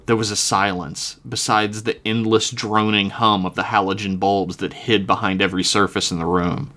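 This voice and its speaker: A man's voice: on the low side, fairly even intonation, moderate pace, sharp tone. A man reading his own story aloud on a podcast, chuckling now and then at his own jokes.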